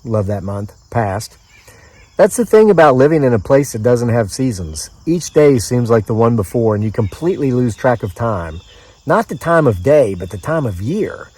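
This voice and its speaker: A man's voice: mid-range voice, very animated, normal speed, a little mellow, no echo. A man from the mid-Atlantic United States reading his own story aloud outdoors in the woods, in a dry, conversational storyteller's manner with offhand asides.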